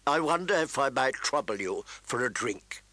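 Man voicing a male eunuch spymaster, courtly, sly, soft and measured, thin sharp edge, bright tone, dry sound. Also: mid-range voice, animated, no room sound. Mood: sly polite. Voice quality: soft, smooth tones turning thin and sharp. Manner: polite, measured and insinuating.

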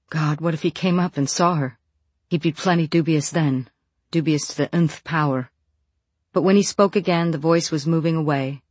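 An audiobook narrator reading a novel in an even, measured way. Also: medium pitch, slightly rough, no echo.

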